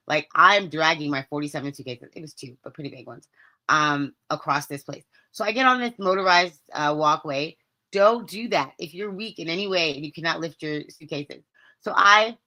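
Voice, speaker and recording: A woman hosting her podcast, telling a story in a casual, animated and dramatic way, often laughing and using chatty slang. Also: on the low side. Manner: chatty slang, addresses listeners as babes. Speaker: podcast host.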